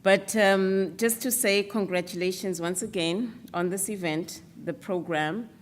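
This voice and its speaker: A woman giving an earnest, measured speech at an awards event, with some fillers. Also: mid-range voice, steady tone, slight background noise. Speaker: speaker presenting an alliance against stereotypes.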